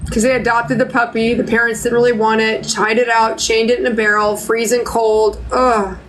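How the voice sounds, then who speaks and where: A woman's voice: on the high side, flat delivery, moderate pace, fairly bright tone, slight background noise, poor audio. A woman hosting a live psychic reading stream, chatting to viewers in an emotional, choked-up way. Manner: tearful, choked up. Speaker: psychic medium host.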